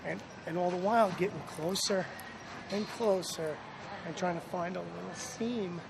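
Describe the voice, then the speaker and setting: A man's voice: high-pitched, moderate pace, creaky. A man coaching lacrosse players at practice, energetically calling out praise and instructions. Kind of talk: on-field coaching. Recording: noisy field recording.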